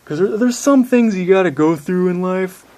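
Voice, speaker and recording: A man's voice: high voice, expressive, normal speed, warm tone. A young man telling a long personal story in a rambling, blunt way, swearing often. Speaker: vlogger. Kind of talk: casual storytelling to camera.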